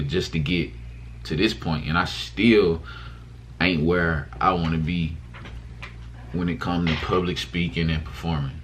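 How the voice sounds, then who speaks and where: A man's voice: extremely low pitch, a bit bright, a little hiss or hum. A young man chatting casually to his viewers in a vlog, rambling loosely with lots of fillers and restarts. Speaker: vlogger. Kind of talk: casual mukbang chat to camera.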